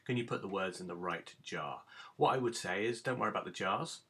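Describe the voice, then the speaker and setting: A man's voice: sits low, fairly quick, a bit bright. A man teaching a recorded phonics lesson to young children, giving patient step-by-step instructions. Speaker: primary school teacher.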